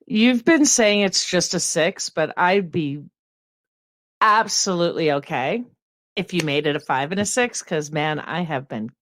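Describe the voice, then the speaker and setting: A woman's voice: on the low side, lively intonation, a little slow, fairly bright tone, dry recording, studio quality. A woman chatting casually as a player in a tabletop game, a little hesitant.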